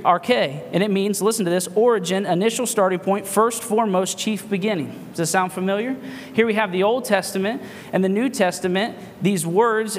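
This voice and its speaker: A man's voice: high-pitched, a little hiss or hum. A man preaching a sermon with impassioned, emphatic rhetorical questions, recorded in a church hall. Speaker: pastor.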